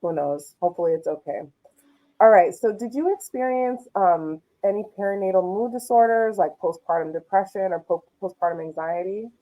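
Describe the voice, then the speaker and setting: A woman hosting a podcast, asking calm questions with short affirmations over a Bluetooth headset. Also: mid-range voice, normal speed. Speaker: podcast host. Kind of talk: casual interview chat. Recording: dull lo-fi Bluetooth audio.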